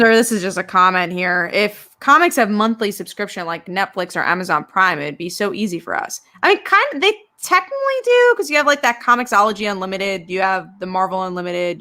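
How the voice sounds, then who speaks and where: A woman co-hosting a casual livestream podcast, relaxed as she reads out viewer questions. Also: fairly low pitch, fast, hardly any pauses. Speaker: comic book podcast co-host.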